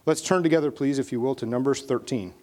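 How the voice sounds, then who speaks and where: A pastor with a medium-pitched, slightly mellow voice talks fast through a conversational sermon. He preaches in a casual storytelling way, with emphatic bursts on key points.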